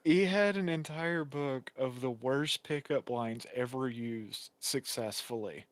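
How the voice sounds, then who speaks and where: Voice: mid-range voice, slow pace, dry recording. A podcast guest in casual chat, rambling through stories and laughing easily.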